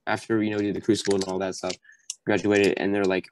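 Young man, low voice, chatty guest who acts out every quote. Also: fast talker, low-quality recording. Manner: animated storyteller, acts out quoted voices with sudden high jumps, many fillers. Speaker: podcast guest, Marine recounting boot camp. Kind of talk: casual storytelling chat.

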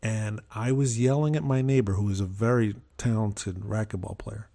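Gravelly-voiced man telling casual stories. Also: on the low side, moderate pace. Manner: rambling, with frequent restarts and animated quoted asides. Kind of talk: casual storytelling chat.

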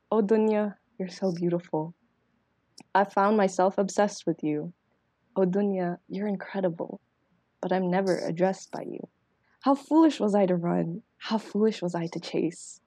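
A woman's voice: mid-range voice, vocal fry, dark tone, no room sound. A young woman, a podcast guest, who recites a rhyming poem and then chats casually, trailing off and often asking "you know what I mean?".

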